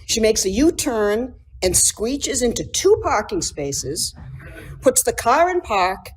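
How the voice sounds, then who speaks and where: A middle-aged woman reads a prepared eulogy at a memorial service, unhurried and slightly husky. Her pitch moves widely as she sets out short, deliberate phrases. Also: sing-song. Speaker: eulogy speaker, daughter.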